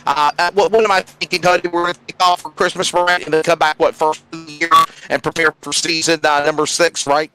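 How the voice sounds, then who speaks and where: A man doing play-by-play for an online sim race, energetic and often restarting his sentences. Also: fairly high pitch, fairly quick, clear, resonant tone, soft background music, low-quality recording. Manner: energetic, with frequent fillers and restarts. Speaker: play-by-play commentator. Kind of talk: sim racing commentary.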